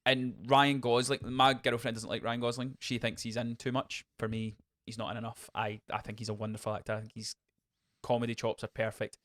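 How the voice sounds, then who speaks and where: Excitable man reviewing a film. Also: medium pitch, brisk. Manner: excitable, acts out quotes in voices. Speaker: podcast co-host. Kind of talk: casual film review chat.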